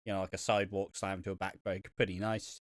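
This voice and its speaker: A man's voice: sits low, flat delivery, fast talker, dry recording, studio quality. A man co-hosting a wrestling podcast, chatting casually, swearing freely and laughing often. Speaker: podcast co-host. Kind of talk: casual wrestling review chat.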